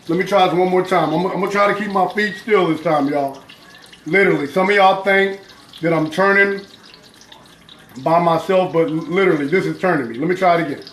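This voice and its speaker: A man with a drawl talks to his viewers in an upbeat, chatty way while cooking live, his voice sitting fairly high. The kitchen sounds hard and echoey, with running water behind him. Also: slight background noise. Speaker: home cook hosting a live stream. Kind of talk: casual live cooking chat.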